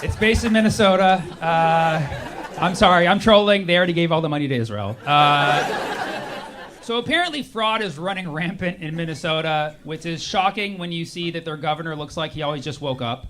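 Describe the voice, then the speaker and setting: A man's voice: on the high side, moderate pace, a crowd in the background, background noise. A man performing a sarcastic stand-up comedy set, acting out the people he quotes. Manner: sarcastic, acts out quoted voices.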